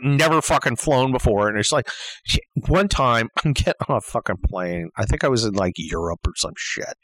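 An older man telling a comedic story as a profane, exasperated rant, dropping to low mutters and jumping to yelled outbursts. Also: no room sound, rough recording.

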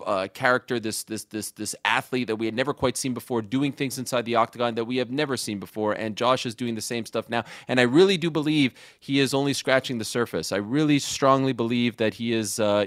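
A man's voice: medium pitch, a bit bright, no echo, clean studio sound. A man in his forties from Canada, a guest on a talk show, speaking with emotional, gushing energy and tumbling restarts. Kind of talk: excited phone-in chat.

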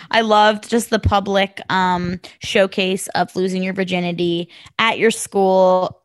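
A woman's voice: medium pitch, slow, clear, resonant tone, no echo. A woman co-hosting a podcast, chatting casually with frequent laughs and reading listener letters aloud. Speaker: podcast co-host.

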